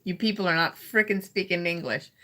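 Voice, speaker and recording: Bright-voiced woman hosting a livestream. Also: on the low side, fairly quick. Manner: laughs often, playful and teasing. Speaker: livestream host. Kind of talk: casual livestream chat, reading roast jokes from chat.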